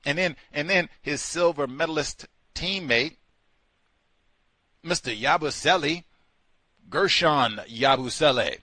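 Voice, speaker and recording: A man's voice: a little high, takes it slowly, pauses often, pushed and bright, no room sound. A man hosting a satirical call-in show, talking in a sardonic way with mocking asides. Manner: sardonic, switching between mocking voices and asides. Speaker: radio show host.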